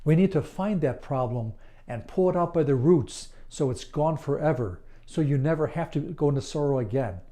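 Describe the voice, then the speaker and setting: A man speaking as a certified hypnotist in a slow, earnest promotional monologue, calm and deliberate with long soothing pauses. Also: fairly high pitch.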